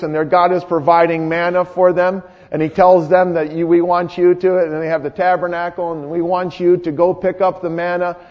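A man preaching a sermon in a conversational way, often asking the congregation questions. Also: high-pitched. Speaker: pastor. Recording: echoey hall, dull lo-fi sound.

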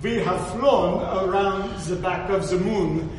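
A boastful atheist cosmonaut with a put-on, mock French-sounding accent, as a preacher acts him out, his words dry and mocking. The voice rings high for a man and sits far from the mic, swallowed by a long hall reverb. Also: measured pace, a little hiss or hum.

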